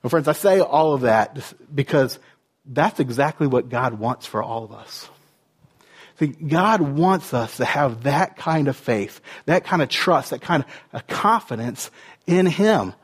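A man's voice: mid-range voice, lively intonation, unhurried, breathy edge. A man preaching a sermon in a conversational way, full of rhetorical questions and "like" and "you know" fillers. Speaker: pastor.

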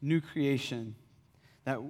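A man in his thirties preaching a sermon as pastor, conversational and animated in his storytelling. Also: mid-range voice, takes it slowly. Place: church hall. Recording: reverberant church hall.

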